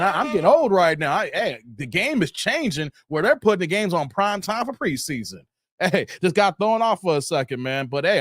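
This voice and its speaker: A man hosting a casual live stream, talking in loose slang, greeting viewers by name and getting animated as he riffs. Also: no room sound, clean studio sound. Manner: animated, jumps high in pitch when worked up.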